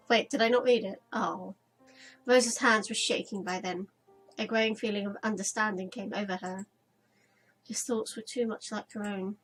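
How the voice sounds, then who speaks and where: A woman's voice: medium pitch, fairly bright tone, husky, low-quality recording. A woman playing through a visual novel, reading the narration and journal entries aloud dramatically and breaking off for casual chat. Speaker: let's play gamer.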